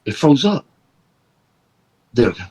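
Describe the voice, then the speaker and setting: A man co-hosting a podcast in casual chat, telling animated stories and acting out quoted dialogue, sometimes shouting it. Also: mid-range voice, a little slow, breathy edge. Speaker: podcast co-host.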